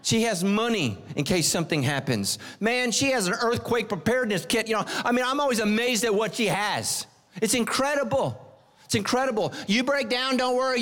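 Animated, high-voiced male pastor preaching. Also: long reverb tail. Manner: animated, self-mocking storyteller. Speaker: senior pastor. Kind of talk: humorous sermon storytelling.

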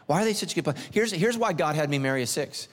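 Animated, high-voiced male pastor preaching. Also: quick pace, in a large hall. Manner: animated, self-mocking storyteller. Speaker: senior pastor. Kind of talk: humorous sermon storytelling.

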